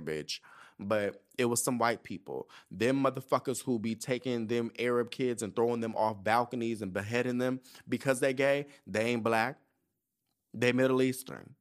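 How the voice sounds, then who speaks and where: A man in his thirties hosting a podcast, telling stories in a casual, profane, animated way and acting out the people he quotes. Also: fairly low pitch. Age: 30s. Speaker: podcast host. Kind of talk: casual chat.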